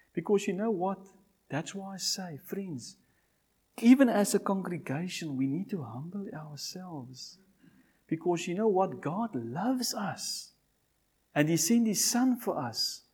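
An older man preaches slowly, taking his time over every phrase. His voice sits a little high for a man, and he pleads with his listeners, repeating lines and dropping from loud cries to hushed, almost whispered words. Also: animated, breathy edge. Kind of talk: sermon with altar call.

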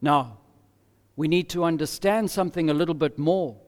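A man preaching an expository sermon as pastor, measured and emphatic with deliberate pauses. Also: a little high, long reverb tail.

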